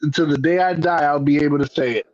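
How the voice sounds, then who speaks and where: A man's voice: a little high, fast, lo-fi sound, a crowd in the background. A man hosting a podcast, telling stories in a brash, profane, casual way. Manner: brash, profane, animated storyteller. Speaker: podcast host. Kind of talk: casual chat, storytelling.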